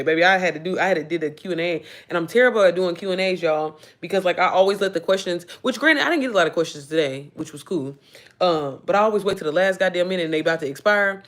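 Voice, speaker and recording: A woman's voice: on the low side, a bit bright. A woman, chatting in a rambling, emotional way on a livestream, swearing freely. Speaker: livestream host. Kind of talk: casual livestream chat.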